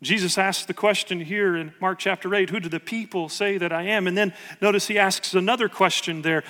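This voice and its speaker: A man's voice: high voice, fairly even intonation, brisk, few pauses, bright, forceful tone, long reverb tail. A man preaching a sermon with earnest emphasis, reading scripture aloud to his congregation. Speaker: pastor.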